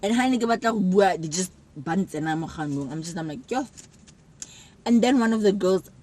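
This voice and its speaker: A young woman tells a story to camera in a loose, chatty way. Her pitch sits in the middle range. She acts out quotes with sudden loud jumps. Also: expressive, a little fast, slight background noise, poor audio. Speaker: vlogger. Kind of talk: casual storytelling.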